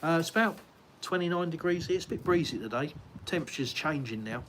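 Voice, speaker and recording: An Englishman from the UK hosts a relaxed live stream, reading viewer comments aloud as he wanders through his house and out onto a windy terrace. His voice is slightly high, a bit bright, fast and animated.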